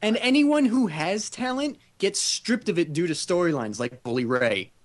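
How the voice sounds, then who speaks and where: A podcast co-host in casual chat, reacting with quick, incredulous questions. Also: medium pitch, lively intonation.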